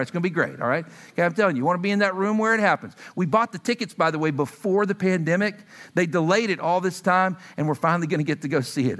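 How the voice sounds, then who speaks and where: A man in his thirties preaching a sermon, telling stories and acting out quotes as he speaks to his congregation. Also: high-pitched. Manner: animated, acts out quotes, asks the audience. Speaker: pastor. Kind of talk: sermon with storytelling.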